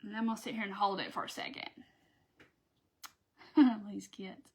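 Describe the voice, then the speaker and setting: A woman's voice: mid-range voice, flat delivery, normal speed. A woman hosting a live craft tutorial, chatting folksily with viewers as she works. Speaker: craft channel host.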